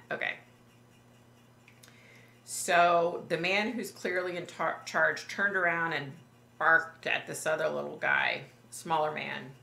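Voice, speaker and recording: A woman psychic vlogger retelling a dream in a halting, emotional way, full of fillers and restarts. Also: low voice, fairly even intonation, vocal fry, pushed and bright, roomy sound. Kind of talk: personal vlog storytelling.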